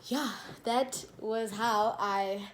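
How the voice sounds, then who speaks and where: Young South African woman, casual storytime vlogger, animated and chatty, faint background noise. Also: mid-range voice, unhurried. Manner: chatty and animated, with laughs and code-switching. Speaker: YouTuber.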